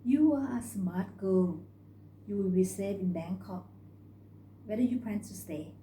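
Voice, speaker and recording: A woman's voice: mid-range voice, measured pace, mellow, slight background noise, close to an everyday voice. A woman voicing a stout middle-aged woman who runs a restaurant kitchen, blunt and motherly. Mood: brisk. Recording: roomy recording.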